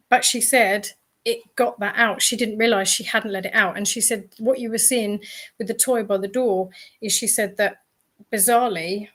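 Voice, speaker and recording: A woman, a guest medium on a podcast, telling a story in a chatty way, with many ums and restarts. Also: medium pitch. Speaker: guest medium and paranormal investigator. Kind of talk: casual podcast interview.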